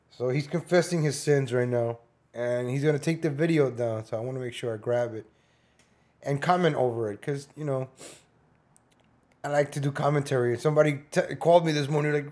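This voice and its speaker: A man's voice: mid-range voice, a little mellow. A man hosting a reaction commentary, talking bluntly over a clip, mocking and swearing freely. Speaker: commentary host.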